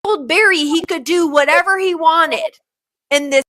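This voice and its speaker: A woman's voice: extremely high pitch, moderate pace, a bit bright. A woman narrating movie trivia in a short video, with wry, teasing questions and answers.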